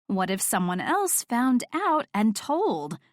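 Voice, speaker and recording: A woman narrator plays a thoughtful young woman who talks in a hushed, hesitant way. The storybook reading sits close and dry. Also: fairly high pitch, sing-song, slow, no room sound.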